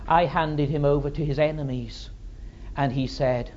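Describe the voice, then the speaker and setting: A preacher voicing God the Father as a solemn ancient male deity, in repetitive cadences that swing from hushed to loud. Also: on the high side, steady tone, normal speed, slight background noise, close to an everyday voice. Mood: grave. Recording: dull lo-fi sermon recording.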